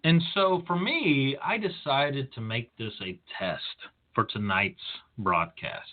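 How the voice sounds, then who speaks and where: Slow, tinny-sounding male podcast host. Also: mid-range voice. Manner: deliberate, lecturing storyteller. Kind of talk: career advice monologue. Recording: tinny phone-line sound.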